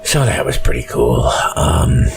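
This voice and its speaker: A tired man hosting a solo podcast, talking slowly and rambling with many pauses and fillers. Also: a bass voice, very animated, vocal fry, noisy background. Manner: rambling, slow, full of fillers. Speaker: podcast host. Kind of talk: casual solo podcast monologue.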